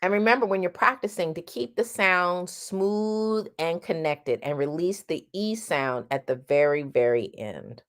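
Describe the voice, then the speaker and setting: Slow, low-voiced woman teaching singing. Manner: sings vowel demonstrations between explanations. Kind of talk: vocal lesson, demonstrating vowels.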